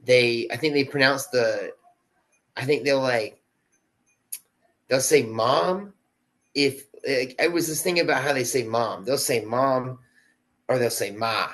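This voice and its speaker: A man's voice: medium pitch, moderate pace, fairly bright tone, rough recording. A man, an actor guest on a podcast, talking in a laid-back, slangy way with lots of "dude" and "like.". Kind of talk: casual interview chat.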